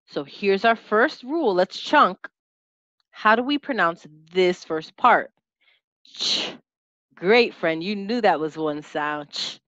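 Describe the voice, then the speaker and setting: A woman teaching a lesson, sounding out letters and syllables slowly and clearly as an instructor. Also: mid-range voice, animated, a bit bright, no room sound, lo-fi sound. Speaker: teacher and test-prep instructor.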